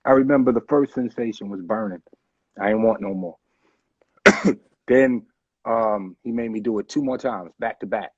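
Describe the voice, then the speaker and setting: Laid-back man telling a story, husky. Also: fairly low pitch, moderate pace, long pauses, dry recording. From United States. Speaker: rapper, interview guest. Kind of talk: casual storytelling. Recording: dull dry recording.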